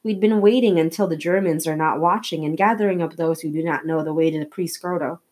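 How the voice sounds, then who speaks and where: A woman's voice: sits low, a little fast, darkish tone, close to an everyday voice. A woman voicing a watchful grown man in a read-aloud novel, explaining in a plain, matter-of-fact way.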